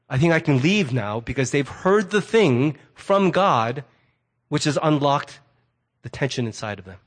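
A middle-aged male pastor delivering a sermon in a loose, conversational way, with a fairly high voice for a man. He slips into quick quoted asides as he talks. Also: a bit bright.

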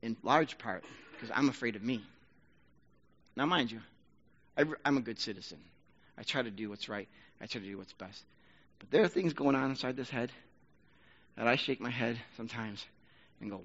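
A man preaching a sermon as pastor, talking conversationally and rising to loud, emphatic bursts. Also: medium pitch, big pitch swings, moderate pace, long pauses, muffled recording.

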